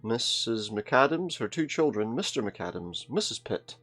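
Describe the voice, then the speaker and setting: A man's voice: medium pitch, big pitch swings, measured pace, fairly bright tone, slightly rough, faint music behind. A man giving casual let's-play commentary, chatty and thinking aloud as he goes. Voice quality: chatty, thinks aloud, repeats game lines.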